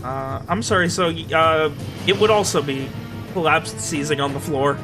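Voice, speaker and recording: A man acting as game master, narrating the action with lots of ums and quick self-corrections. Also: fairly high pitch, over music. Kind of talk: running a tabletop game.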